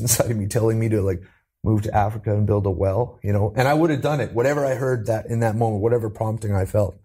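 A man from Canada telling his life story as an interview guest, earnest and animated, lifting his voice when he quotes people. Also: breathy edge. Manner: earnest, acts out quoted voices with rising pitch.

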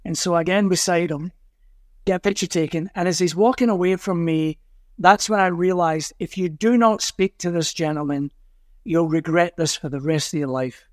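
Scottish man telling lively stories. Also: fairly high pitch, normal speed, no echo, clean studio sound. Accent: Glasgow Scottish. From Scotland. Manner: acts out voices in anecdotes. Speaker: musician guest. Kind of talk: animated storytelling.

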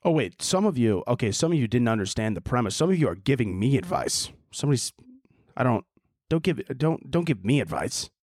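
A man's voice: mid-range voice, big pitch swings, a little fast, a little mellow, no echo, clean studio sound. A podcast host, a man, giving casual advice in a profane, sarcastic ranting manner.

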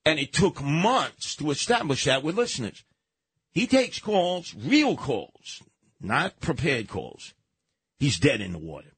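A man's voice: fairly high pitch, very animated, a little slow, fairly bright tone, slightly rough, no echo. A man hosting a radio talk show, telling stories and giving blunt, emphatic advice at a studio microphone.

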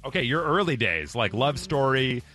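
Man, radio morning host, animated, bright tone, laughs a lot, faint music behind. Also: mid-range voice, moderate pace. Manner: playful, laughs easily. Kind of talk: casual radio banter. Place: radio studio.

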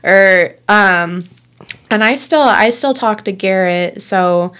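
A woman's voice: medium pitch, slow, a bit bright, clear, resonant tone. A woman in her twenties chatting casually as a podcast co-host, rambling with lots of filler words. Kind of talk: casual chat.

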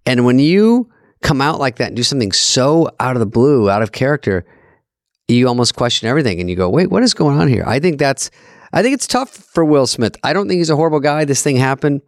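A man's voice: medium pitch, lively intonation, a little fast, no echo, clean studio sound. A man co-hosting a comedy podcast, telling rambling, self-deprecating stories in casual chat. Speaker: podcast co-host.

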